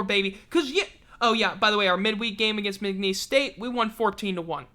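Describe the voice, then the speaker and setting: A woman's voice: mid-range voice, fairly quick, sharp tone. A woman hosting a casual livestream sports show, ranting in an exasperated, profane way. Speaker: sports talk show host.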